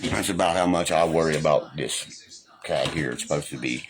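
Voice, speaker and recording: A man's voice: extremely low pitch, moderate pace, noisy background. A man ranting angrily on a livestream, swearing constantly and taunting his critics. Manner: profane, combative, taunting. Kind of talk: angry livestream rant.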